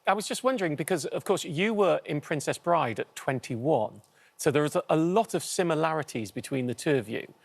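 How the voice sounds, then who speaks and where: A man's voice: on the high side, animated, brisk, vocal fry. A man from Manchester with a northern English accent mixed with London, co-hosting a TV morning show with wry curiosity. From Manchester, England. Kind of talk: chatty studio interview. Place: TV studio.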